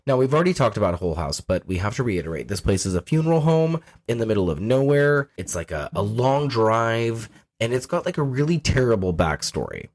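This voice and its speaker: A man's voice: mid-range voice, a little fast, hardly any pauses. A man co-hosting a podcast, casually recapping a film with frequent swearing and laughter. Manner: swears freely, laughs often, lively storytelling. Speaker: podcast co-host.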